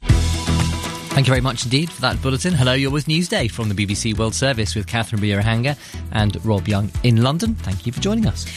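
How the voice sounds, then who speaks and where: A man's voice: mid-range voice, sing-song, fairly quick, over music. A man presenting a live radio news programme in a fluent, conversational way.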